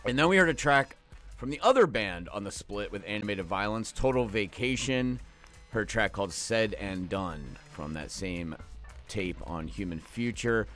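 Guy dj on late night radio, low-ish voice, rambly and jokey, bit of music under it. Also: expressive, normal speed, fairly bright tone. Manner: rambling, loose and jokey, trails off into asides. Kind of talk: casual radio show talk. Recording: faint music behind the voice.

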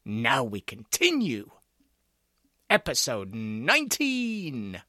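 A man narrating a comic serial story in a deadpan, drily funny manner. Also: medium pitch, measured pace, no echo, studio quality.

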